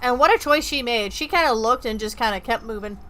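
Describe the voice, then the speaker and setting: Young woman game streamer, bright and tense tone, talkative and profane. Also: on the high side, fairly quick, slight background noise. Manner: chatty, profane, rambling. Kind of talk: casual gaming-stream chat.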